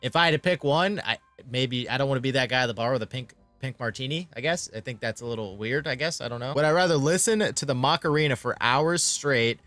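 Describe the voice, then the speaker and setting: A young man hosting a casual video, reading out questions and answering them in a loose, slangy way with loud reactions and swearing. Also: mid-range voice, fast talker, few pauses, dry recording, soft background music. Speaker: YouTube gamer host. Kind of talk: casual commentary to viewers.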